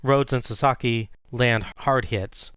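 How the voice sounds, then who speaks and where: A man co-hosting a podcast, retelling a wrestling match play by play in a steady, casual way. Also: mid-range voice, slow pace, smooth, dry recording, clean studio sound. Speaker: podcast co-host recapping wrestling. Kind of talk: casual recap narration.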